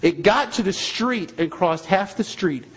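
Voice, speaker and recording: A man's voice: sits high, animated, a little slow, slightly rough, low-quality recording. A man, a missionary, preaching a sermon and telling a story in an emphatic, repetitive way.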